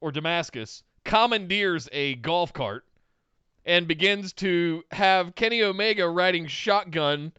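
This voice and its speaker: A man co-hosting a wrestling podcast with a bright, smooth, fairly high voice. He talks with eager enthusiasm and bursts into loud exclamations. The sound is dry and close. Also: expressive, unhurried, no echo, muffled recording. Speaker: podcast co-host. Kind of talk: casual wrestling recap chat.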